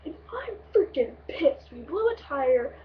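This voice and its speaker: A young woman vlogger telling a long road-trip story in a rambling, excitable way, swearing freely. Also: high voice, measured pace, recorded from a distance, highs cut off, slight background noise. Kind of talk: casual storytelling vlog.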